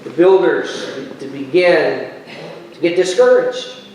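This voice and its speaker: A man preaching a sermon as pastor, telling stories at his own expense with lively delivery and frequent repeated phrases. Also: on the high side, slow pace, a little hiss or hum. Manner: animated, self-deprecating storytelling with repeated phrases. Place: church sanctuary. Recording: very echoey church sanctuary, voice from far off.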